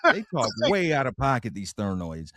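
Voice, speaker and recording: A man co-hosting a podcast, retelling a story in casual, slangy, animated fashion. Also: mid-range voice, moderate pace, no room sound, studio quality. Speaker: podcast co-host. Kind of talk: casual comedic recap.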